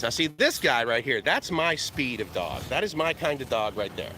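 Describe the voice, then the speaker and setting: Male vlogger, chatty and joking, very bright tone, faint traffic hum outside. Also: mid-range voice, expressive, moderate pace. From USA. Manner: rambling, joking, chuckling often. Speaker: vlogger, live-stream host. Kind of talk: live walk-and-talk chat. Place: outdoor seaside walkway. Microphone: camera on a selfie stick.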